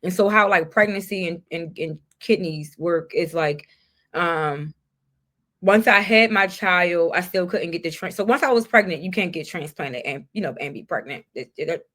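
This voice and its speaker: A woman's voice: fairly low pitch, normal speed, fairly bright tone. A woman guest on a podcast, sharing a personal story in a candid, heartfelt way.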